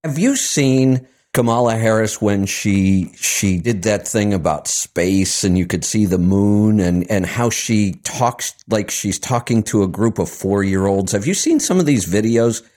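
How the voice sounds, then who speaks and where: A man's voice: fairly low pitch, a little slow, hardly any pauses, a little mellow. A man hosting a call-in radio show, chatting casually and telling stories with mimicked voices.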